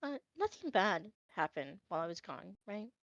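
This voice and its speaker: A woman voicing Haru, a calm, measured male companion, speaking in a soft, subdued voice. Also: mid-range voice, no echo, pitched below the performer's own voice. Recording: dull, dry lo-fi audio.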